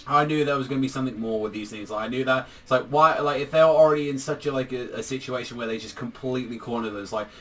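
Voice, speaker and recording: A man's voice: medium pitch, fast, few pauses, faint music behind. Rambling, swearing man recapping manga. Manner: rambling, profane, heavy use of "like", excitable. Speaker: manga reviewer. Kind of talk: casual manga chapter recap.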